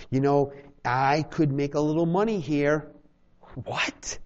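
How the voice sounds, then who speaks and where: A man of medium pitch preaches a lively sermon to a small congregation on a lo-fi recording. The pastor acts out little dialogues and jokes with his listeners.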